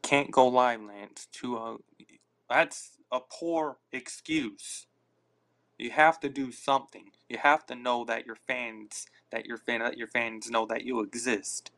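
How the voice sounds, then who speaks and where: A man's voice: medium pitch, level tone, moderate pace, gravelly, hardly any pauses, a bit bright. A man hosting a casual live podcast on his phone, rambling and reacting aloud to listener comments. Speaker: podcast host.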